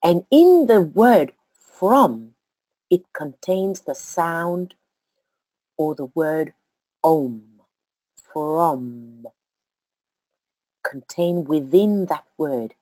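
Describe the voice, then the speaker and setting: A woman giving a slow, deliberate study talk to a group, counting out syllables as she teaches. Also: fairly low pitch, lively intonation, mellow, no room sound.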